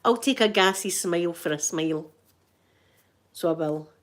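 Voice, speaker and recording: A middle-aged Scottish woman and grandmother chatting in a casual ASMR vlog, animated and laughing often. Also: lowish voice, moderate pace. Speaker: vlogger and grandmother.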